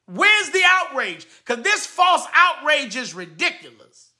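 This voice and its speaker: A man, a radio host delivering an indignant, repetitive commentary rant and often shouting. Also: very high-pitched, big pitch swings, measured pace.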